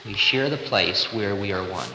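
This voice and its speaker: A man's voice: fairly low pitch, normal speed, background noise. A man in his thirties giving a playful, conversational spiritual lecture, recorded live in a large hall in 1970. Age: 30s. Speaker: spiritual teacher.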